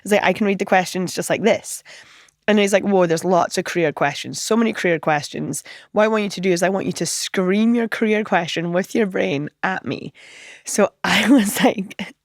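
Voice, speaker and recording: A woman comedian telling animated anecdotes in a podcast interview, acting out other people's lines and laughing often. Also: medium pitch, moderate pace, no echo, studio quality. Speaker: comedian guest.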